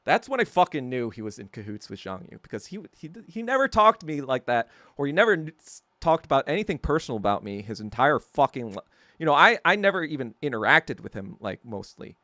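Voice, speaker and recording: Animated, profane male podcast host. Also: mid-range voice, a little fast, no echo, studio quality. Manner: profane, heated storytelling; sarcastic, laughing at himself. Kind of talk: casual rant.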